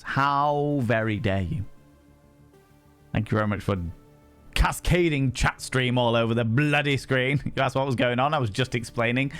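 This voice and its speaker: A man chatting casually with viewers as a livestream host, playful and theatrical, swearing freely and swinging between shouts and hushed asides. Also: mid-range voice.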